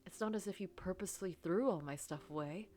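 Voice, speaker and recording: A woman's voice: lowish voice, a little fast, darkish tone, faint music behind, lightly acted. A woman doing a goofy, eager young man. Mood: earnest. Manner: light, earnest and playful.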